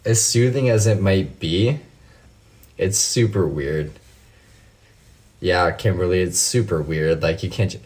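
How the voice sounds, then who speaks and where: A man with a somewhat low voice talks on his own livestream, chatting loosely with viewers and answering their comments. He falls into heated, profanity-laden rants, swearing freely as he goes. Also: unhurried, pauses often, a little mellow. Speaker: livestream host. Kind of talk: casual livestream chat, reading comments.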